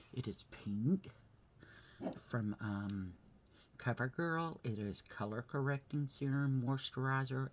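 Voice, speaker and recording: A woman talking through a hard day in a vlog, teary and halting, often asking "okay?" and sometimes dropping to a whisper. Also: extremely low pitch, a little hiss or hum. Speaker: vlogger. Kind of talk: emotional personal vlog.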